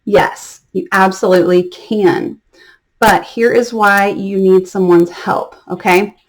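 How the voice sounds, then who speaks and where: A woman with a mid-range voice talks straight to her viewers in a casual advice vlog. She is friendly and chatty and stresses key words. She keeps checking in with a quick "okay?". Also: mid-range voice, fairly even intonation. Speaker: online ESL teacher and mentor.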